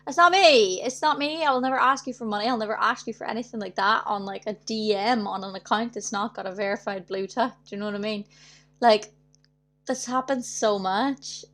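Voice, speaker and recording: A woman's voice: mid-range voice, steady tone, a little fast, a bit bright. A young woman chatting casually on her livestream, telling stories in a chatty way, acting out other people's voices and laughing often. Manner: chatty storytelling, acts out quoted voices, frequent laughs. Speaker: singer hosting her weekly livestream.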